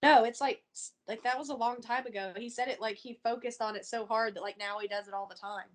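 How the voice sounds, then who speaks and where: A woman's voice: a little high, steady tone, quick pace. A woman joking wryly in a casual book club chat.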